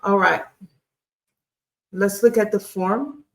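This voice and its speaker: A Hebrew grammar instructor teaching a screen-share lesson, deliberate and repeating key phrases with frequent ums. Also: mid-range voice, steady tone, a bit bright.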